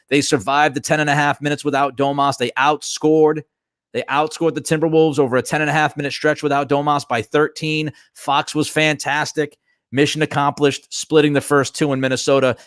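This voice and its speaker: Fired-up male sports talk host with a fairly high voice, recorded dry and close. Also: clear, resonant tone, dry recording. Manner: animated, emphatic, ranting. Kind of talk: solo sports talk commentary.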